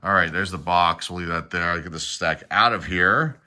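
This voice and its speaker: Low bright-voiced man listing names. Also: slight background noise. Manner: rattles off player names in a quick list, with asides. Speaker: card collector opening packs. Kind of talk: casual pack-opening commentary.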